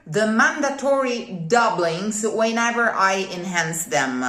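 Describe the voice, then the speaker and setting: A woman's voice: mid-range voice, lively intonation, slow, fairly bright tone. A woman with an Italian accent, a native Italian speaker, teaching singers Italian diction in a methodical way, repeating key points and checking in with "okay?". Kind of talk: one-on-one teaching explanation. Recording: roomy echo.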